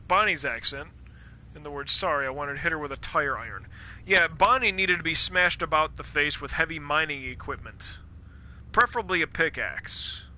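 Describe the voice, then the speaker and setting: A man streaming a game live, rambling in casual, profane, animated rants about the story's characters. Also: high-pitched.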